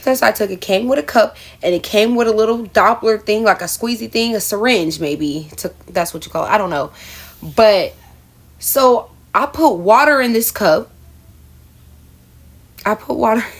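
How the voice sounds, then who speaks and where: A woman's voice: a little high, normal speed. A young adult woman telling a personal story in a casual vlog, chatty and self-mocking, often calling her viewers y'all. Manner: chatty, addresses viewers as y'all, laughs at herself. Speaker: storyteller vlogger.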